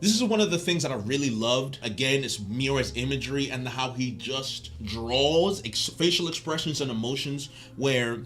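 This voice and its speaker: A man hosting a casual video essay, animated and joking in slangy speech. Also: medium pitch, normal speed, hardly any pauses.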